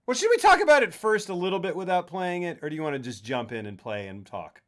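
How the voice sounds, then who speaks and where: Streamer host, male; lively rambling chat with a wide pitch swing. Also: quick pace, hardly any pauses. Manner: rambling, jokey, animated. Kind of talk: casual chat over gameplay.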